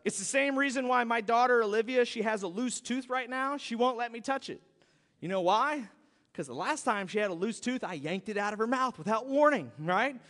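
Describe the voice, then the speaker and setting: High-voiced preacher in echoing hall. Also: male voice, brisk. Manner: storytelling, animated, conversational. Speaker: pastor. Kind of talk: sermon. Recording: long hall reverb.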